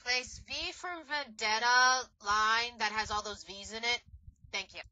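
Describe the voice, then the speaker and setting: Giggly bright-voiced woman vlogger. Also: on the high side, a little slow, no echo, poor audio. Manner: rambling, giggly, self-deprecating. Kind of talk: casual slideshow narration.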